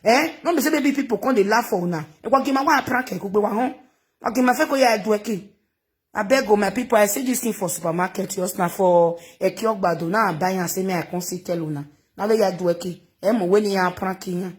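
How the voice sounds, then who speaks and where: A woman's voice: mid-range voice, fast. A Nigerian woman giving rambling, chatty gossip commentary into her phone, mixing in local phrases and laughing often. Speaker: social media commentator.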